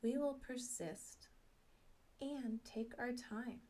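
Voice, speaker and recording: A middle-aged woman tells a personal story with a fairly high voice. She takes her time, letting each phrase land slowly. Her delivery is self-mocking and animated, and she acts out her own thoughts. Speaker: speaker sharing a personal story.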